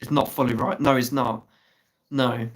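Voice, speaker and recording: A man's voice: mid-range voice, fairly even intonation, moderate pace, rough recording. A man hosting a casual live stream, chatting and teasing viewers and swearing freely. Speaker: livestream host. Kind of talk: casual live chat reading comments.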